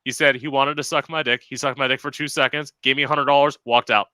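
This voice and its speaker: A man's voice: medium pitch, fairly even intonation, fast, sharp tone, dry recording. A man hosting a podcast in casual chat, laughing and chiming in. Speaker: podcast host.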